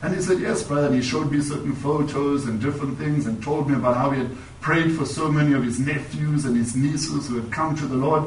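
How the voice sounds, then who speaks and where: A man preaches a sermon, weaving a personal story with a conversational "you know" and rising on his points. His voice sits slightly high. He is picked up from a distance in an echoey church, with faint ambience behind him. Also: fairly even intonation, a little fast, hardly any pauses, slight background noise. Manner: storytelling, repeats "you know", rises in emphasis. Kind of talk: sermon testimony.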